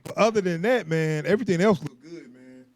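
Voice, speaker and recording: A man's voice: on the high side, fairly quick. A young man co-hosting a podcast in casual chat, laughing often and rambling in loose slang. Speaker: podcast co-host.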